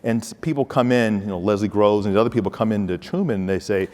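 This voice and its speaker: A man's voice: on the low side, fast, few pauses, darkish tone, in a large hall. A man giving a humorous motivational speech, telling stories and talking straight to his audience. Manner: humorous, storytelling, addresses audience directly. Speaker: keynote speaker, former football player.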